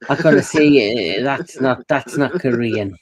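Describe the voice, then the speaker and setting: A man co-hosting a podcast, telling a film's plot in a relaxed way and handing the story over to his co-host. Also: mid-range voice, a little slow, crowd noise. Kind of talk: casual plot recap.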